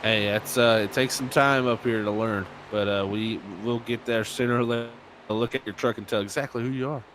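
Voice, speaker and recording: A man's voice: medium pitch, steady tone, fairly quick, fairly bright tone, slight background noise. A man calling a sim racing event as play-by-play commentator, chatty and laughing between his remarks.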